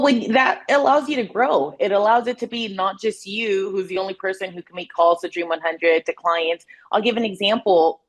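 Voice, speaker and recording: A woman guest on a business podcast who talks candidly and in a measured way about running her company. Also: lowish voice. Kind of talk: podcast interview.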